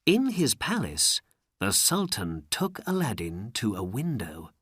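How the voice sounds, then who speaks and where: A woman reads a storybook aloud in a very low voice, slow and carefully enunciated. Her pitch still moves lively through each sentence, and the recording is dry and close. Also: slightly rough, no echo. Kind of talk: graded reader narration.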